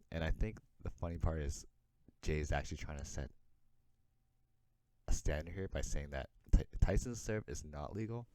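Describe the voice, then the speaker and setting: A man hosting a casual sports recap, chatty, voicing the players' reactions in quick asides. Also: rumbling low, darkish tone, no room sound. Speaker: host, sports commentator.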